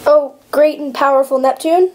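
A woman's voice: high-pitched, normal speed, a little mellow, slight background noise, lightly acted. A woman playing an earnest young girl on a quest in an amateur parody skit, speaking politely and pleadingly.

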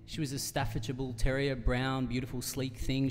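A man's voice: medium pitch, monotone, moderate pace, soft background music. An Australian man telling a long, rambling comic story between songs at a live concert, full of fillers and restarts. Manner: rambling, self-deprecating, many fillers and restarts. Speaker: singer-songwriter telling a story on stage. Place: live music venue, in front of an audience. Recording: live concert hall with reverb.

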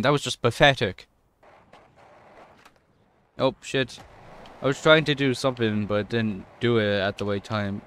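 A young man with a non-American English accent doing casual let's-play commentary, chatty and excitable, swearing and yelping at in-game mishaps. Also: mid-range voice, clear, resonant tone. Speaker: gaming YouTuber.

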